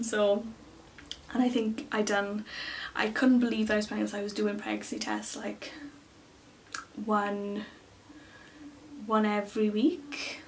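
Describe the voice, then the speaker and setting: A young woman, rambling excitedly in a casual story to camera, full of fillers. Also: medium pitch, moderate pace, recorded from a distance, slight background noise. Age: early 20s. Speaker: beauty vlogger.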